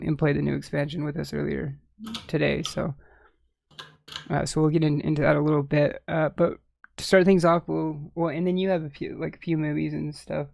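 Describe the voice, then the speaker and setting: Male podcast host, gravelly and flat, rambling casual delivery. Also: fairly high pitch, no echo, clean studio sound. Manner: easygoing, rambling with many restarts and fillers. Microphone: headphones and desk mic.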